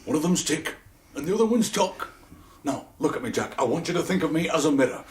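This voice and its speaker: A man playing a smooth, worldly older male star who calmly lectures another man. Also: a little high, fast, roomy sound, natural voice. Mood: calm lecturing. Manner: calm, lecturing, patronising.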